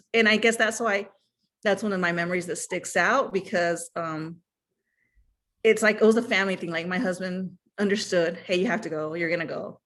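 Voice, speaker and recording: A woman in her thirties or forties telling a personal story in a chatty, animated way, full of fillers and asides. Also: fairly low pitch. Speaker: guest sharing fan memories. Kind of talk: casual storytelling chat.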